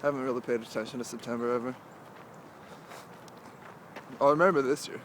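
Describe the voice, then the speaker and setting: A man's voice: mid-range voice, steady tone, fairly bright tone, slight background noise. Rambling young man vlogging while walking. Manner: rambling, halting, full of "like". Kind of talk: casual walking vlog monologue. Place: outdoors, walking through a cemetery.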